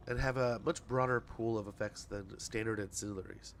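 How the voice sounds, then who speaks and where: A man's voice: fairly low pitch, fairly even intonation, moderate pace, a little hiss or hum. A male streamer in casual livestream chat, reading patch notes aloud, rambling, tripping over words and laughing at himself.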